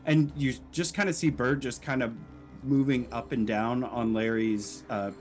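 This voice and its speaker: A man narrating as game master of a tabletop role-playing game in a relaxed way, with lots of ums and uhs. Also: medium pitch, unhurried, soft background music.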